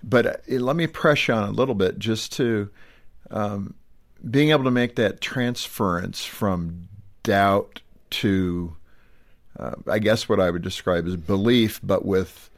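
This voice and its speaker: A man hosting an interview in a calm, conversational way. His voice is fairly low, and he leads his guests along with gentle, probing questions. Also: measured pace. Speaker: host.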